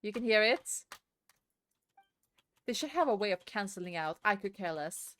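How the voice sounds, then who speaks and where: Speaking at normal speed with an animated, medium-pitched voice that's a bit bright, a woman rants in exasperation while live-streaming a game from her room. She swears and repeats herself, captured by a desk mic at her computer.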